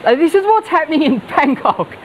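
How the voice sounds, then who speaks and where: A woman voicing a cheeky puppet man named Ash, with a squeaky, bouncy voice. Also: sing-song, a little fast, slight background noise. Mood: flustered.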